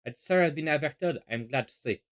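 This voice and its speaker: A man's voice: fairly high pitch, expressive, fast talker, fairly bright tone. A man doing a courteous eccentric detective. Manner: courteous, rambling, self-assured. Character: polite, eccentric gentleman detective.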